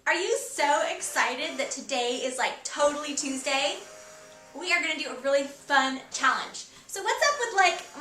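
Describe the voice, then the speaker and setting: A woman's voice: high voice, sharp tone, roomy sound. A woman voicing a bubbly 1980s valley girl who fills her talk with "like" and "totally.". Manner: peppered with "like" and "totally".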